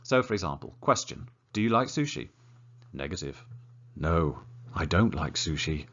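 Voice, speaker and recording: A man teaching an English grammar lesson, encouraging and lively, slowing down to model example sentences. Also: sits low, dull audio.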